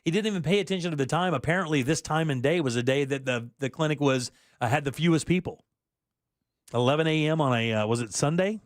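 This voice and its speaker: A man's voice: fairly high pitch, fast, no room sound, studio quality. A man hosting a talk-radio show, chatting loosely with his co-hosts, laughing easily and reading listener texts aloud. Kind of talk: casual talk-radio banter.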